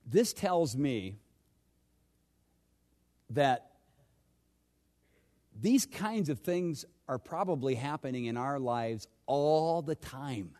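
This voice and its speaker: A male pastor preaching a sermon, swinging between loud urgent questions and hushed, low asides. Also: lively intonation, very slow, long pauses.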